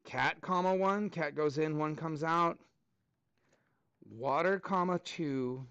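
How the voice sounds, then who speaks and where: High-voiced upbeat male math teacher. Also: takes it slowly, a bit bright, clear, resonant tone, no echo. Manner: upbeat and chatty, jokes with students. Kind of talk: classroom lesson. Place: classroom.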